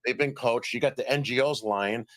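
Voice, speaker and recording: A middle-aged man on a live stream telling stories about his reporting in a casual, animated way, acting out what others said. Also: mid-range voice, normal speed, no echo. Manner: animated storyteller, acts out quoted dialogue. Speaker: citizen journalist guest. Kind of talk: casual remote interview.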